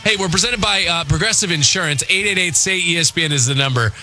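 Bright-voiced upbeat male sports radio host. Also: high voice, faint music behind. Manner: upbeat, gleeful, quick to laugh. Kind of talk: casual sports radio banter and live reads. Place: radio studio. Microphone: studio microphone.

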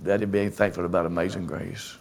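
A man's voice: sits low, little pitch movement, a little fast. A man preaching a sermon, telling a story and calling for amens from the congregation. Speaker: pastor.

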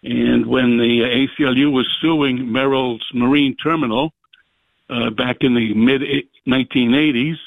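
A man's voice: mid-range voice, fairly even intonation, measured pace, vocal fry, no room sound. A male radio caller with a mid-range voice, coming through a tinny phone line. He chats in a friendly, rambling way and speaks close and dry, with no room around him. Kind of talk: casual call-in chat.

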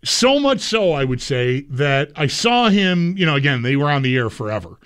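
A man's voice: a little high, sing-song, normal speed, a bit bright, smooth. A man co-hosting a sports radio show, chatting casually and thinking his picks through aloud. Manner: conversational, mulling picks aloud.

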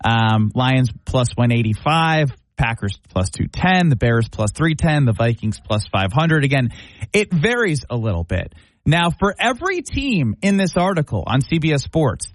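A man's voice: on the high side, sing-song, normal speed, no echo. A man co-hosting a sports talk radio show, conversational and reading stats off an article. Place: radio studio.

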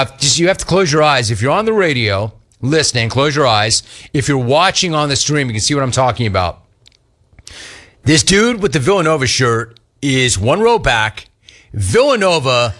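A man's voice: a little high, bright, forceful tone. A man hosting a sports radio show, joking his way through commentary on a photo and laughing often.

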